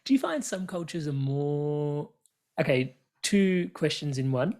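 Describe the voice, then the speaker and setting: A woman host with a notably low voice, laughing easily and winding through her questions. She rephrases as she goes, casual and chatty. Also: lively intonation, unhurried, darkish tone. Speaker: podcast host. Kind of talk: casual interview conversation.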